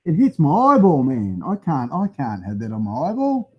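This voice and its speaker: A man's voice: on the high side, wildly swooping pitch, moderate pace, breathy edge, highs cut off. A middle-aged Australian man hosting a live stream from a home garage full of motorbikes, talking into a phone used as a webcam, rambling and chatty, laughing often and swearing mildly. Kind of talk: casual live-stream chat.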